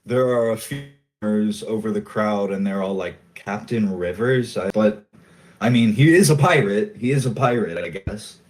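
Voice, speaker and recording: A man narrating as game master, in a loose, halting way with many fillers. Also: fairly low pitch, a little mellow, rough recording.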